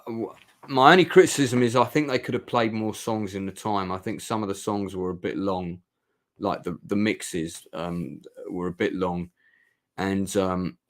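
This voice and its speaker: Vlogger, male, 50s, low-pitched voice, rambling and heartfelt. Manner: chatty, rambling, heartfelt storytelling. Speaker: vlogger reviewing a club night. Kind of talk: casual spoken review.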